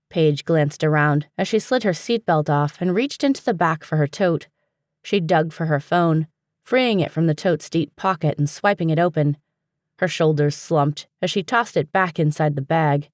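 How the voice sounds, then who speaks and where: A woman narrating a fantasy audiobook in a steady, even storytelling manner, recorded on a close studio mic. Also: deep voice, normal speed, no echo. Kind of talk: scripted narration.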